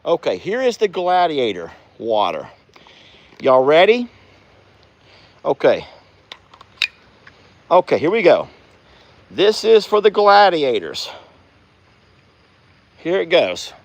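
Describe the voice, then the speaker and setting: A man's voice: on the high side, huge pitch swings, slow pace, pauses often. A man with a Southern US accent, chatting folksily to viewers in a casual outdoor ranch vlog. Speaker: ranch vlogger. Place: outdoors on a farm pasture.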